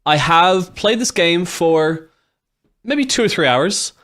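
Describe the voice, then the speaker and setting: An Irish man giving casual, excitable gameplay commentary, swearing freely and thinking aloud as he plays. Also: sits high, slow. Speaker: gaming YouTuber.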